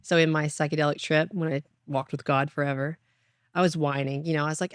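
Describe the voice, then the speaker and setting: A woman who founded a ketamine clinic, telling a personal story in an animated way and acting out lines. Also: low voice, brisk, dry recording, studio quality. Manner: animated storyteller, acts out voices.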